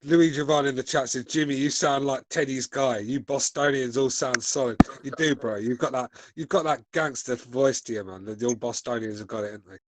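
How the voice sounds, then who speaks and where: A man's voice: mid-range voice, a little fast, hardly any pauses. A man chatting on a podcast, blunt and opinionated. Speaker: podcast host. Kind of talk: casual podcast chat.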